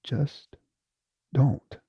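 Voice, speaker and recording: A man's voice: drawn-out words, no echo, muffled recording. A man voicing Jiajuja, a timid female messenger who stammers and answers hesitantly.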